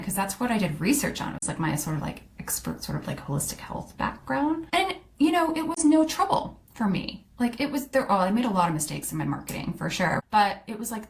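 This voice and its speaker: A middle-aged woman, hosting a podcast and telling her own career story casually and candidly, with many fillers and quick quotes of her past self. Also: medium pitch. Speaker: podcast host, coach.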